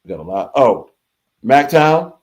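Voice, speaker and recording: A man's voice: mid-range voice, sing-song, a little slow, darkish tone. A man hosting a casual live reaction stream, reading viewer comments aloud and repeating his phrases as he goes. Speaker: livestream host reading chat.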